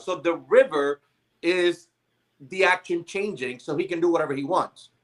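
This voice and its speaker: A man on a poker podcast, recounting a story in an animated, casual way and quoting the people involved. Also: fairly high pitch, moderate pace. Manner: animated, quotes dealers and players.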